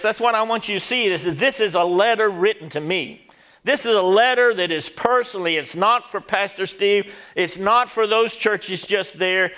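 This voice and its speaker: High-pitched pastor preaching. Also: male voice, fairly bright tone. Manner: preaching with call-and-response to the congregation. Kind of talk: sermon.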